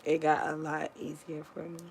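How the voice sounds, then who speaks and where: A woman talking casually to her viewers in an earnest, comforting and reflective way, pausing often and restarting her sentences. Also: low voice, monotone, vocal fry, husky, rough recording. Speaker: vlogger sharing a personal story.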